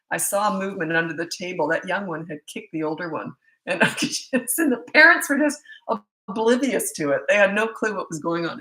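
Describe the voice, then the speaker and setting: A woman's voice: on the low side, sharp tone, low-quality recording. A middle-aged woman parenting coach chatting and telling stories in a live webcam Q&A, laughing often. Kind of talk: live Q&A chat from home on webcam. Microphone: laptop webcam.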